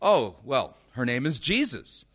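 A man's voice: mid-range voice, big pitch swings, a little slow, fairly bright tone, slightly rough, heavily acted. A man playing a customer ordering a god to their own taste, talking in a hesitant, earnest way. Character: customer designing a personal god.

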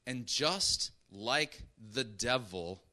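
A male preacher delivers an emphatic sermon in a medium-pitched, bright, forceful voice, speaking very slowly and expressively. He keeps checking in with his listeners, asking "right?" and "okay?"

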